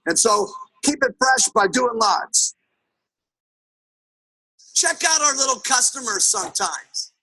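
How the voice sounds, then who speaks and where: A man's voice: extremely high pitch, expressive, slow pace, gravelly, pauses often, bright, forceful tone, breathy edge, poor audio. A man giving a motivational sales talk, telling emphatic stories and often checking in with his listeners. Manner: emphatic storytelling, keeps asking "okay?". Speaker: sales trainer.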